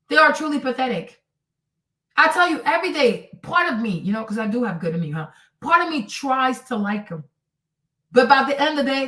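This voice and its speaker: A high-pitched woman talks a little away from the microphone, and her voice rings in a roomy, echoing space. She comments bluntly on a news clip, swearing freely and mocking the people in it with acted-out quotes. Her tone stays sarcastic and scornful throughout. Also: a bit bright, far from the mic. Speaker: commentary streamer. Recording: echoey room, voice away from the mic.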